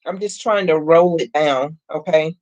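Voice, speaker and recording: Woman, middle-aged, live-stream craft host, unhurried chatty talk, lowish voice, greets viewers by name. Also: a little mellow. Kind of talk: casual live-stream chat while crafting.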